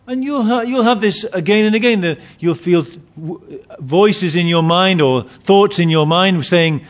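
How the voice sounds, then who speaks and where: A man's voice: sits high, unhurried, few pauses. A man preaching a sermon, emphatic, often repeating and restarting his phrases.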